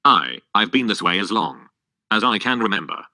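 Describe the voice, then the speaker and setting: A man's voice: fairly low pitch, moderate pace, no room sound, full character voice. A male computer voice reading a cursed princess. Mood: sad. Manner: flat synthetic reading, no acting. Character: young princess under a spell, sad and proud. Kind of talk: text-to-speech script reading.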